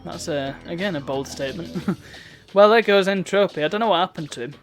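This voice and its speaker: A man's voice: high voice, a little fast, soft background music. A man giving chatty, wry commentary while streaming a video game. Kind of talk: casual gameplay commentary.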